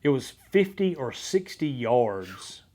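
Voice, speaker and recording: Taking his time, a man who hosts a podcast recounts a story in easygoing talk. He sounds lively, speaks at a typical middle pitch, and keeps breaking off to start sentences over.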